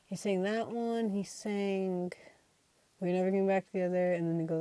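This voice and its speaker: Chatty teenage girl with a mellow voice. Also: mid-range voice, moderate pace, no room sound. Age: teens. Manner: chatty, rambling, quotes friends in animated voices. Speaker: vlogger. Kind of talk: casual rambling vlog.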